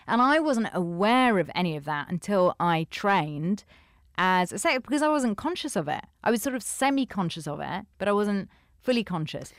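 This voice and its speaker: A woman's voice: mid-range voice, sing-song, normal speed, no room sound, studio quality. A woman, a sex therapist, talking candidly and animatedly in a casual podcast conversation, often restarting her sentences.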